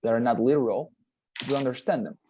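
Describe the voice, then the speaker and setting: A man's voice: mid-range voice, warm tone, lo-fi sound, slight background noise. Patient man tutoring on a video call. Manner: patient, explains slowly with many fillers and restarts. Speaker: English tutor. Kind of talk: one-on-one online lesson.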